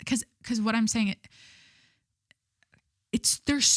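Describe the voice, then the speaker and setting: A woman's voice: mid-range voice, animated, unhurried, pauses often, no room sound, clean studio sound. A young woman hosting her own podcast, chatting candidly and gossiping, swearing freely and laughing at herself. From Southern California. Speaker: podcast host. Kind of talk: casual solo podcast chat.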